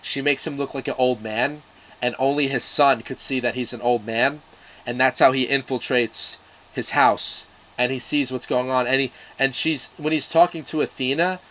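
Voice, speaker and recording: A man's voice: medium pitch, steady tone, moderate pace, fairly bright tone. Man casually and profanely retelling a plot. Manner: loose and profane, with frequent restarts and fillers. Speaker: video reviewer.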